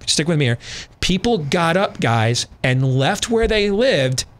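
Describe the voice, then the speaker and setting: A man's voice: on the high side, big pitch swings, unhurried, fairly bright tone. A man hosting a conservative talk radio show, arguing emphatically and checking in with listeners. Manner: emphatic, rhetorical, addresses listeners directly.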